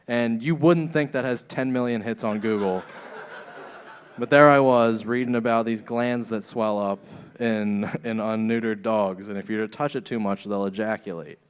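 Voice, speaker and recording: A man's voice: medium pitch, clear, resonant tone. A young man doing a stand-up set in a comedy club, often laughing at his own jokes.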